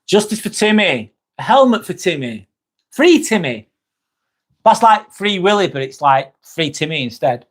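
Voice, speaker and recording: A man's voice: sits high, expressive, normal speed, fairly bright tone. Joking man hosting a live stream. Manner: joking, laughs often, reads out chat comments. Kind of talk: casual live-stream chat.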